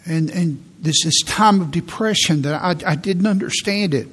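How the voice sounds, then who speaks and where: Man, pastor, church sermon, slightly raised pitch, drawn-out emphatic phrasing. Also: a bit bright, slightly rough. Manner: slow, emphatic preaching with repeated key words. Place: church sanctuary.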